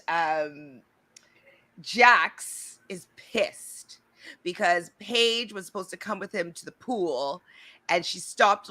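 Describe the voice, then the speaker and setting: A woman co-hosting a casual reality show recap, chatty and animated, with lots of likes and restarts. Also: lowish voice.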